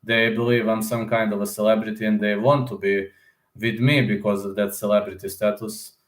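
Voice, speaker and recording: A man's voice: fairly low pitch, fairly even intonation, brisk. Rambling man chatting in echoey room. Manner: rambling, informal, addresses listeners as "man". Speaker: YouTube channel host. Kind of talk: casual chat with viewers.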